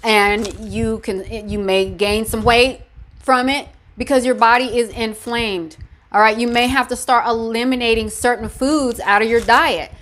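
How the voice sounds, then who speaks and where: Woman health vlogger, pitched a touch high; encouraging, emphatic, direct-to-camera chat. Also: steady tone, a little slow, a bit bright. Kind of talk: casual talk to camera.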